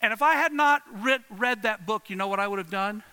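A middle-aged man preaching a sermon, telling a family story with repeated phrases and swings between hushed and loud delivery. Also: high-pitched, fairly quick, clear, resonant tone. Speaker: pastor. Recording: long reverb of a large hall.

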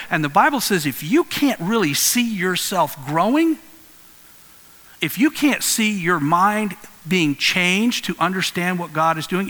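A male pastor preaching a sermon in an earnest, conversational way with lively storytelling. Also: high-pitched. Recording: long hall reverb.

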